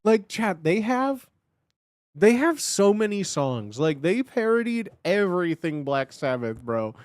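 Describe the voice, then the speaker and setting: Excitable streamer guy, high lively voice. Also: a little slow, no echo, studio quality, faint music behind. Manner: excitable, slangy, repeats himself. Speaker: streamer reacting to videos. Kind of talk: casual reaction commentary.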